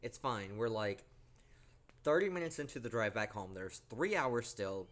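At normal speed and with a fairly low voice, this young podcast host tells a spooky story from his own life. He swears a lot, keeping the retelling casual and animated.

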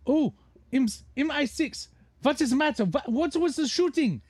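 A man's voice: very high-pitched, animated, moderate pace, a little mellow, dry recording. A man voicing a pompous adventurer who leads the group in stiff, formal speech. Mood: commanding.

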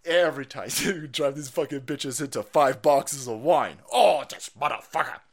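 A man's voice: a little high, normal speed. A man streaming a ranting commentary on news clips, foul-mouthed and sarcastic, often breaking into laughter.

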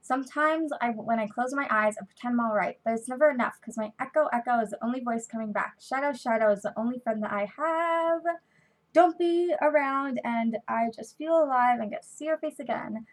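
A woman's voice: fairly high pitch, brisk, close to an everyday voice, rough recording. A woman voicing a weepy, lovesick male chipmunk, half-reading and half-singing lines in her own everyday voice. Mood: sad song. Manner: half-reading, half-singing song lyrics aloud.

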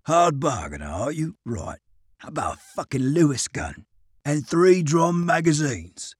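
A man's voice: on the high side, very animated, measured pace, breathy edge, no echo, clean studio sound, heavily acted. A man voicing a grinning, pushy quartermaster from who haggles and swears coarsely. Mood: wheedling. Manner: brash, wheedling, swearing.

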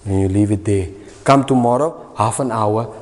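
Emphatic South African preacher in a hall. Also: male voice, fairly low pitch, normal speed, a little mellow. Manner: emphatic, switches into Afrikaans phrases. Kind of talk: sermon. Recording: reverberant hall.

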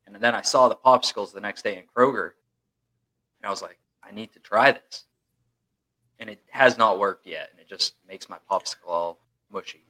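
A man's voice: on the low side, normal speed, pushed and bright. A young man co-hosting a podcast in a rambling, chatty way, full of fillers. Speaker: podcast co-host. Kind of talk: casual chat.

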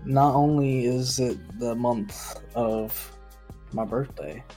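A man's voice: mid-range voice, slow, warm tone, faint music behind. A man co-hosting a casual group chat, laid-back and laughing often. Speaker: co-host.

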